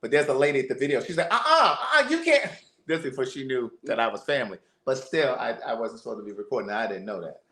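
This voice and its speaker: A man hosting a livestream, telling a family story in a casual, animated way, often repeating words. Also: mid-range voice, very fast, hardly any pauses. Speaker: livestream host. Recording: roomy echo.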